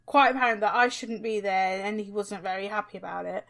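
A woman's voice: mid-range voice, brisk, creaky, fairly bright tone. A woman in her twenties, a podcast co-host, telling an aggrieved story in casual chat.

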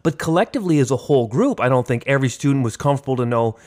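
A man's voice: medium pitch, lively intonation, racing, a little mellow. Playful male teacher, podcast co-host, casual jokey chat. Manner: playful, jumps into silly voices.

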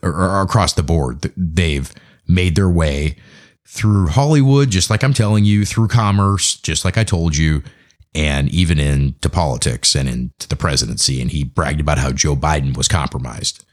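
A man's voice: extremely low pitch, moderate pace. An American man hosting a podcast, delivering a profane, conversational opinion rant. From United States. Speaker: podcast host. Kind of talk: opinion monologue.

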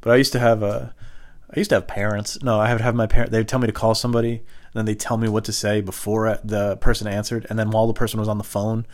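A man telling rambling comic stories in a deadpan way, jumping into high squeaky voices when he quotes other people. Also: fast talker. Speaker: comedian. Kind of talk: rambling storytelling monologue.

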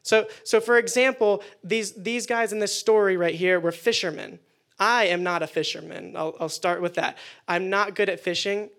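A young man giving a casual youth sermon, animated and acting out quoted prayers. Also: high voice, moderate pace, vocal fry. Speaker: youth pastor.

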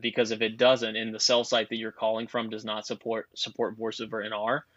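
A man's voice: on the low side, completely flat delivery, fairly quick, a bit bright, no echo. Man talking over dull lo-fi audio. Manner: rambling, explanatory, with many fillers and restarts. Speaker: guest expert on cell networks. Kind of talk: casual podcast chat.

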